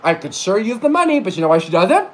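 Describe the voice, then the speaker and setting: A man's voice: high voice, very animated, fast, low-quality recording. A tipsy man working as a psychic reader, ranting and rambling through a profane livestream monologue, teary at times and correcting himself as he goes.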